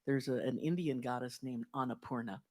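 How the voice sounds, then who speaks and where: A man telling a personal story to a congregation in a casual, animated way, often laughing. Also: medium pitch, fairly quick. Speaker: congregation member sharing a story.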